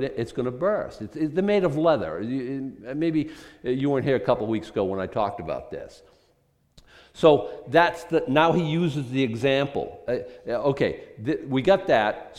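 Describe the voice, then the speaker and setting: Conversational male pastor, rhetorical and animated, church hall reverb. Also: mid-range voice. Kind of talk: sermon.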